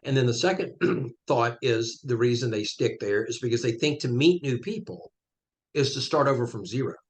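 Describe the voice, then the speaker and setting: A man's voice: mid-range voice, lively intonation, normal speed. A man, a guest on a podcast interview, explaining his points emphatically with step-by-step examples.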